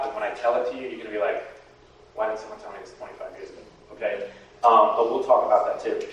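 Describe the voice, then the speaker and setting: A man giving an animated talk to a patient support group, often checking in with "okay?". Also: mid-range voice. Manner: animated, repeats "okay?" to the audience. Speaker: guest speaker. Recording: echoey room, distant mic.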